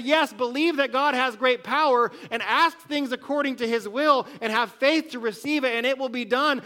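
A man delivers a sermon in a notably high-pitched voice. His tone is bright and forceful, and he works through his points with repeated phrases and questions to the listeners. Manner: earnest preaching with rhetorical questions and repetition. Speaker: pastor.

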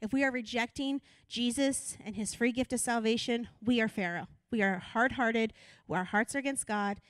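A woman's voice: fairly high pitch, normal speed, a bit bright, no echo. A woman assistant pastor preaching a sermon in an earnest, conversational way that builds to urgent appeals.

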